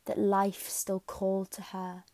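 Woman, audiobook narrator, mellow tone, flat delivery, dry close recording. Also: mid-range voice, unhurried, no room sound. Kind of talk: scripted narration.

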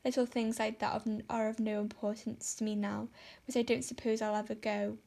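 A woman's voice: a little high, little pitch movement, a little fast, vocal fry, mellow. A woman reading aloud and voicing a dramatic young girl who pleads in overwrought, tragic tones. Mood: despairing. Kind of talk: audiobook character voice.

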